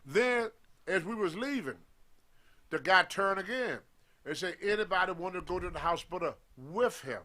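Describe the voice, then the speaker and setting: An older man and former pro wrestler telling a story in an animated way, acting out quoted voices with colloquial grammar. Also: high-pitched, moderate pace.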